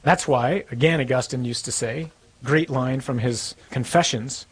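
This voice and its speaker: A man's voice: mid-range voice, a little slow, husky, low-quality recording. A man preaching a sermon as a priest, conversational and emphatic, repeating words for stress.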